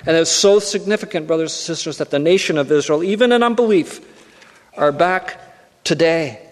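A man's voice: a little high, moderate pace. A man preaching a sermon, earnest and repeating his key phrases for emphasis. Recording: long hall reverb.

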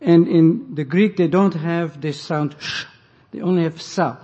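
A man preaching an expository sermon, deliberately explaining scripture and the Greek and Hebrew words. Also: on the high side, dark tone. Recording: muffled, echoey hall recording.

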